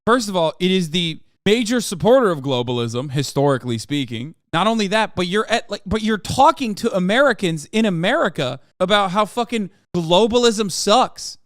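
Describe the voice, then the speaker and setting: A man hosting a casual reaction stream, animated, profane and sarcastic. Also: high-pitched, normal speed, hardly any pauses, no room sound, clean studio sound. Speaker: streamer host.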